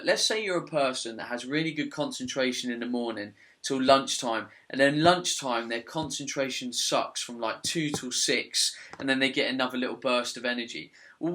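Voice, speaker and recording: Bright-toned British man podcasting. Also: mid-range voice. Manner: enthusiastic, persuasive. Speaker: podcast host. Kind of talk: casual podcast chat.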